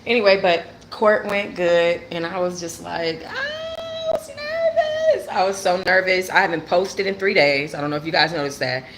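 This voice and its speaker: A woman's voice: on the low side, steady tone, moderate pace, few pauses, background noise. A woman hosting her own channel, telling a personal story in casual chat with lots of slang and fillers, close to tears. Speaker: host of a talk channel. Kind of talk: casual livestream chat with viewers.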